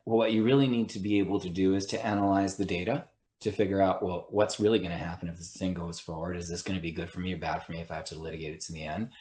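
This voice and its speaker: A low, steady, slightly mellow male voice talks quickly in a reverberant space. He's an attorney and mediator guesting on a podcast, earnestly explaining his ideas, restarting sentences and often checking in with "right?"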